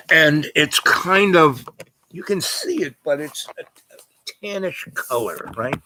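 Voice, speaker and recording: A man's voice: on the high side, lively intonation, slow, bright, forceful tone. An older man telling a long personal story in a loose, rambling way, full of fillers and asides. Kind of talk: casual spoken storytelling.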